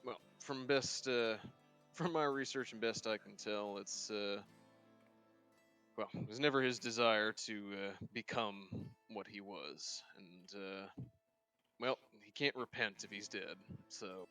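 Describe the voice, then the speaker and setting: A weary, drawling father figure, voiced by a man over an online tabletop session. He hesitates and fills his lines with "well" and "uh", low in pitch, with faint music behind. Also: takes it slowly, sharp tone, full character voice. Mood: earnest. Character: weary grizzled male priest-like father, drawling. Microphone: voice chat microphone.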